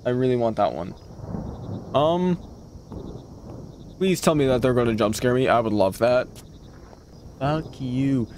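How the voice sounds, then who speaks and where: A gaming streamer comments slowly and drawn-out on a horror game, his animated voice leaping up and down in pitch as the scares come. Jumpy and loud-mouthed, he swears at the figures and talks back to the screen. It sounds like a desk mic, with slight background noise.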